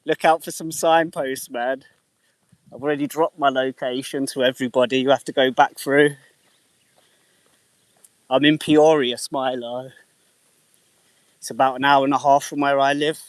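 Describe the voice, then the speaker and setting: English guy in his thirties, mid-pitched voice, easygoing streamer patter with casual swearing. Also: level tone, normal speed, long pauses, dry recording. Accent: English, slightly mixed. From England. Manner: swears casually, chats to viewers by name. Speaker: livestreamer. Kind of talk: casual live-stream chat.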